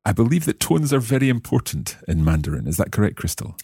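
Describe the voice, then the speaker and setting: Deep-voiced, lively male podcast host. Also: gravelly, husky, dry recording, clean studio sound. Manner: curious, repeats words slowly after the teacher. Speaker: host and learner. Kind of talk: language lesson podcast.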